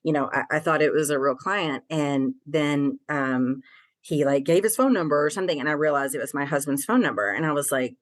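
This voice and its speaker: Middle-aged woman, low voice, talks frankly and swears casually, lots of ums. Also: a little fast. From Tennessee. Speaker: guest. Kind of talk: candid personal storytelling.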